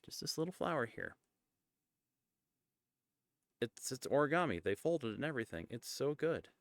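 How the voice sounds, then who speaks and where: A man streaming a casual chat, rambling and often cutting himself off mid-thought, sometimes dropping into soft, breathy asides. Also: medium pitch, sing-song, normal speed, dry recording, studio quality. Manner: rambling, self-interrupting and chatty.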